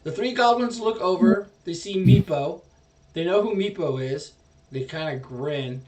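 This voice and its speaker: A man's voice: a little high, lively intonation, a little slow, darkish tone, distant mic, slight background noise. A man narrating a tabletop game as dungeon master, rambling and hesitant.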